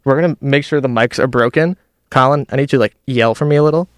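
A man's voice: medium pitch, quick pace, no echo. A young man hosting a college radio show, chatting loosely and joking at his own expense into a studio mic. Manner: joking, loose, self-deprecating. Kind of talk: casual radio chat.

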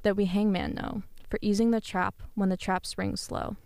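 A cruel, smug hangman in a spoken poem, quietly menacing and mocking, as a woman reads him out. The voice is smooth and clear, and the recording is dry and close with no room sound. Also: medium pitch, flat delivery, moderate pace, dry recording, natural voice. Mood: smug menace. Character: sly, cruel male hangman, mocking and calm.

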